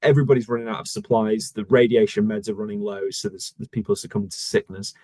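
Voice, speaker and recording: A male voice actor talking casually in an interview, thoughtful and searching for words with many pauses. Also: on the low side, flat delivery, warm tone, no room sound. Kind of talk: casual conversation.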